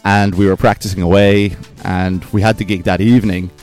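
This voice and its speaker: A man's voice: deep voice, little pitch movement, a little fast, a little mellow, faint music behind. A man with a Dublin accent, the band's drummer, telling stories in a laid-back way in a radio studio. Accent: Dublin Irish. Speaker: band drummer guest. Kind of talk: casual interview chat.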